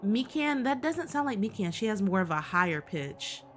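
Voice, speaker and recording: A woman's voice: mid-range voice, big pitch swings, moderate pace, a little hiss or hum. A woman doing casual let's-play commentary, slangy and swearing, laughing often and talking back to the characters on screen. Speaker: gaming streamer. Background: game music.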